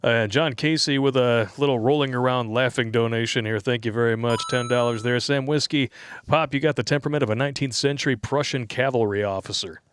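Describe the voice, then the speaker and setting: A man's voice: mid-range voice, brisk, smooth. A man co-hosting a casual livestream, joking, laughing often and reading viewer donations and comments aloud.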